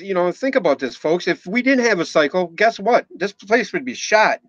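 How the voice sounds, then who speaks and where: A man in his forties from Minnesota, speaking with a local accent and a voice on the high side, rambles and jokes during a live stream. He swears sometimes and thanks viewers individually. The recording is dry and slightly muffled, with a dull sound.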